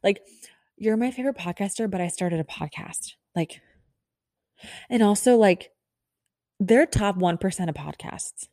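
A young adult woman podcaster telling a self-deprecating story in a casual, animated way. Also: mid-range voice, measured pace, pauses often, no room sound, studio quality. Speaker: podcast host.

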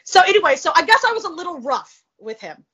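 Blunt, high-voiced woman telling a story. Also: fast, lo-fi sound. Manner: blunt, profane, animated. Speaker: interview guest. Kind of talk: casual storytelling interview.

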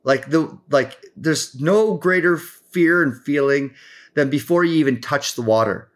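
Animated man telling stories, restarting often. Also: fairly high pitch, unhurried. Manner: rambling, full of restarts and fillers; animated storyteller, acts out quotes. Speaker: podcast guest. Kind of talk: casual chat.

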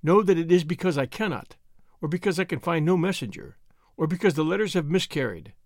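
A man reading an audiobook, voicing an earnest young woman who speaks softly and solemnly. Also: on the high side, expressive, fairly quick, no echo, studio quality. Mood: tender, sorrowful. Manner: soft and solemn.

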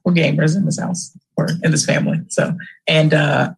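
A woman hosting a casual livestream chat, animated and emotional, breaking into loud shouts. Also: deep voice, normal speed, gravelly, breathy edge, rough recording. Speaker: livestream host and aunt.

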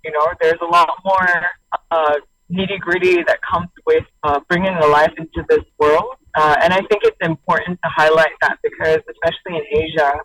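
A woman's voice: sits low, fairly even intonation, normal speed, a bit bright, a little hiss or hum, low-quality recording. A young woman telling her personal story as a radio interview guest, thoughtful and hesitant, with many fillers and light laughs. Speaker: interview guest, single mother.

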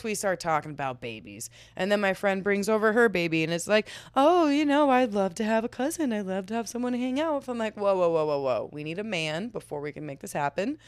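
A woman in her twenties hosts her own podcast, talking on her own in a loose, confessional way, laughing often and swearing freely. Her voice sits a little low and comes across smooth and clear. The sound is dry and close, with no room in it. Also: no room sound. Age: 20s. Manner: candid, chatty, laughs often, swears casually. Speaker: podcast host. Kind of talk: casual solo podcast storytelling.

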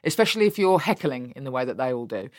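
A woman with a Birmingham English accent talks candidly in an interview. She is blunt and animated and swears freely. The sound is dry and close. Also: very deep voice, fast, no room sound. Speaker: politician guest.

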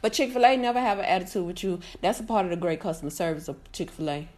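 A woman ranting in a casual review on a live video, loud and profane, often shouting and laughing through her complaints. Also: fairly low pitch, lively intonation, quick pace, background noise.

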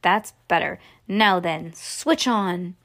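A woman voicing an eccentric, excitable male chocolate maker, explaining eagerly with bursts of excited exclamations. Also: on the low side, takes it slowly, heavily acted.

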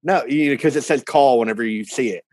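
A man's voice: mid-range voice, brisk, no room sound. A man telling a story in a casual podcast chat, laughing often and swearing freely as he acts out his own reactions. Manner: laughing, animated retelling, profane. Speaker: podcast co-host.

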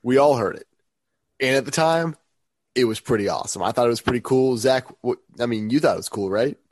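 A sick, sniffly man co-hosting a casual sports podcast. He rambles, jokes and corrects himself as he goes, in a middle-pitched voice recorded close and dry. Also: brisk, darkish tone, dry recording. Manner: rambling, self-correcting, joking. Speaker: podcast co-host.

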